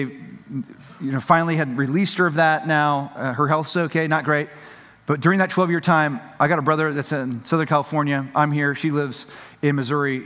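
A man's voice: fairly high pitch, fairly bright tone. A man preaching a sermon in a conversational, emphatic way, acting out quotes and often restarting his sentences. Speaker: pastor. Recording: long reverb of a large hall.

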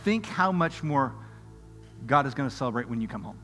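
A middle-aged man preaching a sermon, telling a story in a lively, conversational way, going from loud excitement to quiet earnest appeals. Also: medium pitch, fairly quick. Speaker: pastor. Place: church auditorium. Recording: music under voice in a reverberant hall.

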